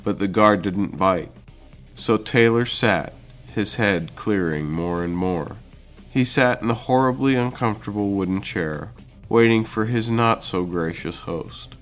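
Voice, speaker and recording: A man reads a novel aloud in a slow, steady narration. His voice sits low, with faint music in the background. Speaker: audiobook narrator. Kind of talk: scripted narration.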